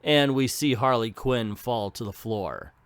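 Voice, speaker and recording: A man's voice: medium pitch, unhurried, smooth, no room sound, studio quality. A man hosting a casual comic book review, talking in a chatty, enthusiastic way with asides.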